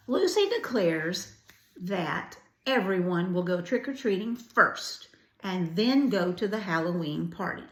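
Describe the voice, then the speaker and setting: Slow older woman reading a storybook. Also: fairly low pitch, big pitch swings. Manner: gentle, adds chatty asides. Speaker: grandparent storyteller. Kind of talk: storybook read-aloud. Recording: roomy echo.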